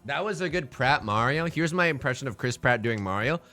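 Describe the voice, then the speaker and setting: A man giving casual live-stream commentary on a game, animated, playful and self-mocking. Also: mid-range voice, a little fast, soft background music.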